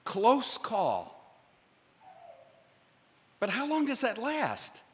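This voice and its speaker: A man preaching a sermon from the pulpit, measured and dramatic, with pauses for effect. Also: high voice. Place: church sanctuary. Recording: long church reverb.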